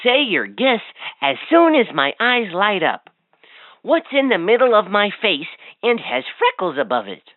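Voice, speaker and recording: A woman's voice: medium pitch, sing-song, unhurried, dry recording. A woman voicing a cheerful, chatty talking toy that quizzes and teases a child in a playful sing-song. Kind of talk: toy voice lines. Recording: tinny, dry toy speaker audio.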